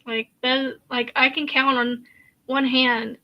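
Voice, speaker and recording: A woman's voice: high-pitched, flat delivery, takes it slowly, highs cut off. A woman from Kansas hosting a crochet live stream, chatting casually, laughing often and answering viewer comments as she works. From Kansas, USA. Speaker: crochet channel host.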